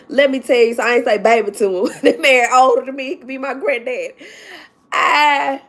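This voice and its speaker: A woman's voice: sits high, moderate pace, fairly bright tone. A woman vlogger telling a story to her viewers, tearful and laughing through tears. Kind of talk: emotional story time to viewers.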